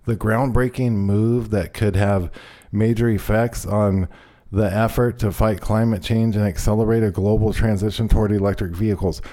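A male talk radio host with a fairly low, mellow voice. He talks in a loose, casual way, swearing here and there as he reads headlines and banters. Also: fairly even intonation, moderate pace. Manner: loose, profane, laid-back banter.

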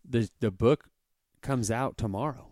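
A man hosting a casual interview podcast, friendly and jokey, with quick reactions. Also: mid-range voice, darkish tone, no echo, clean studio sound. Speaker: podcast host.

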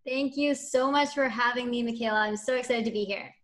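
Bright, bubbly woman podcast guest. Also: fairly high pitch, a little fast. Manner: enthusiastic, gushing, frequent "like" and laughs. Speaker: podcast guest, spiritual coach. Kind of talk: upbeat podcast interview answers. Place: lives in Montreal.

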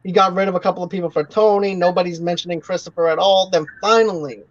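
A podcast co-host recapping a film's plot in casual chat, often pausing and restarting. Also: medium pitch, steady tone, no echo. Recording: dull lo-fi podcast audio.

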